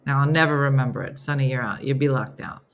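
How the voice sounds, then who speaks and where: A woman's voice: rumbling low, fast. A middle-aged woman hosting a casual live morning chat, laughing often and talking playfully to her viewers. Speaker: host of a live morning show.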